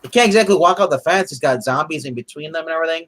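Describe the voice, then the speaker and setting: A man co-hosting a casual comic review chat, excitable and rambling, often restarting his sentences. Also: fairly high pitch, very fast.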